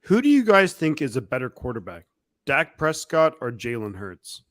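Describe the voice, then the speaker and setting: Guy with a middle-pitch voice, hesitant, lots of ums, dry mic. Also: big pitch swings, normal speed, fairly bright tone, no echo. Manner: hesitant, filler-heavy questioning. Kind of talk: casual chat.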